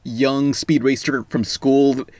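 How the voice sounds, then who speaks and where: A man co-hosting a casual podcast, explaining in an easygoing, halting way. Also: mid-range voice, little pitch movement, darkish tone, dry recording. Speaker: podcast co-host. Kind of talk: casual chat.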